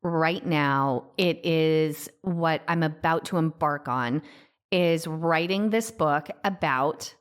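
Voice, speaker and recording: Lower-voiced woman in casual podcast chat. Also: takes it slowly, clean tone. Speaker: podcast co-host.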